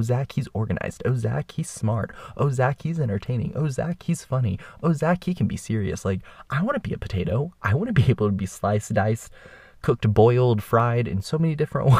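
Young male podcast host, husky and low, chatty storyteller who keeps laughing, dry close sound. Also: mellow, no echo. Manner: chatty, laughs often mid-sentence. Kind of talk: casual storytelling monologue.

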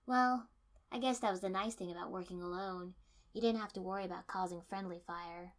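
A woman reading a first-person fiction story aloud in steady storytelling, dipping to soft menace. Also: medium pitch, fairly quick. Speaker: narrator.

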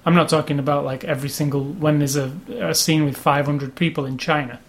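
A man co-hosting a casual movie review chat, rambling and opinionated, getting animated when he complains. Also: fairly high pitch, fairly quick, a little hiss or hum. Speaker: podcast co-host.

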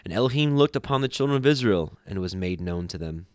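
Low-voiced man reading scripture aloud. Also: quick pace, no room sound. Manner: steady reading with small self-corrections. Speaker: scripture reader.

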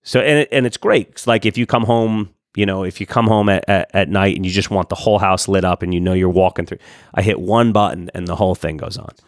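A man co-hosting a podcast, chatting casually in a relaxed, rambling way with restarts and frank asides. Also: sits low, quick pace, no room sound, studio quality. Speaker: podcast co-host. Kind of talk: casual chat.

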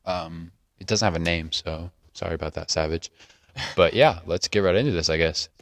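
A man's voice: deep voice, moderate pace. A man hosting a casual comedy sketch and rap game, talking in a laid-back, rambling, self-deprecating way. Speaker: host.

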